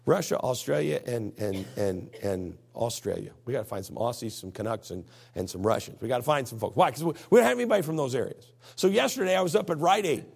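Gravelly, husky-voiced preacher. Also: male voice, mid-range voice, lively intonation, quick pace, few pauses, darkish tone. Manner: folksy, emphatic preaching, reads scripture aloud. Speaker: pastor. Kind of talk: sermon.

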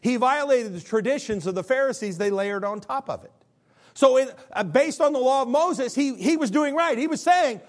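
Animated preacher man, lively pitch. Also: normal speed. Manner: animated, acts out the people in the stories. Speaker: pastor. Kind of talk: sermon.

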